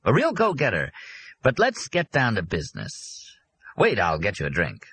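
A man voicing a pushy, excitable middle-aged businessman who talks impatiently and blurts out his ideas in an audiobook. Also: fairly low pitch, normal speed, slightly rough, no room sound, pitched above the performer's own voice, full character voice. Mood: brash.

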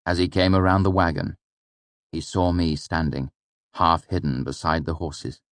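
Deep-voiced male audiobook narrator. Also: no room sound. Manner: measured, reflective storytelling. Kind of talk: first-person audiobook narration.

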